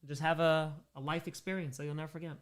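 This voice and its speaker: A man's voice: fairly high pitch, little pitch movement, quick pace. A man hosting a charity livestream, reading out donations and bantering with chat, sometimes in character as a made-up persona.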